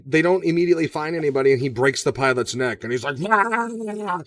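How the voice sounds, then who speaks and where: A podcast co-host with a medium-pitched voice talks very fast in a loose, profane movie discussion, doing animated, shouted impressions. He sounds recorded from a distance.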